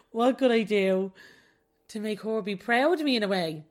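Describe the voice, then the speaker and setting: Medium in pitch and moderate in pace, this is a young adult woman hosting her own podcast alone. She speaks openly and confessionally in a relaxed way, often laughing as she talks.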